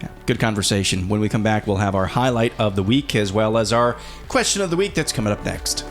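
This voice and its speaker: Man, 30s, podcast co-host, somewhat low voice, casual chat, halting, fillers. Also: over music. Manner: relaxed, halting, with many fillers and restarts.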